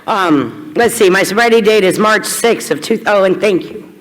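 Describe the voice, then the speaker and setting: At a recovery meeting, a woman from Kentucky tells a crowd her personal story in a candid, blunt way, poking fun at herself. Her voice is medium-pitched and her speed normal, and the hall she speaks in is reverberant.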